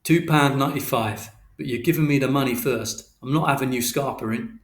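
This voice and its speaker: A man's voice: mid-range voice, fairly quick, lightly acted. A man voicing a curt, impatient male shopkeeper, in a roomy-sounding audiobook recording. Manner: curt, brusque slangy retorts. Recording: roomy echo.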